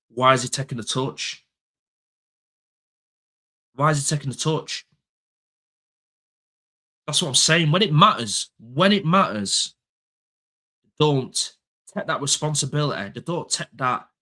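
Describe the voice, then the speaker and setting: A young man ranting about his football club in a casual chat show, his voice bright and forceful. He hammers home each point by repeating it and swears without a second thought. His pitch sits in the ordinary middle range for a man. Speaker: football fan pundit.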